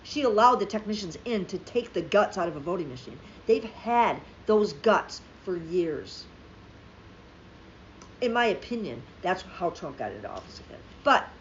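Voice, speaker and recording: A woman delivering a heated, profane political rant as a commentator, hammering her points with emphasis. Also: medium pitch. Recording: slightly dull lo-fi audio with faint noise.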